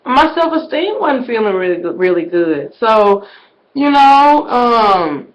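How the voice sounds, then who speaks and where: A woman talks straight to her viewers in a loose, casual vlog. Her delivery swings widely, sinking to near-whispered asides and then leaping up into loud, shouted exclamations. She keeps calling out to her audience as "y'all". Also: on the high side, lively intonation, normal speed, rough recording. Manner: conversational, addresses viewers as "y'all". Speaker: vlogger.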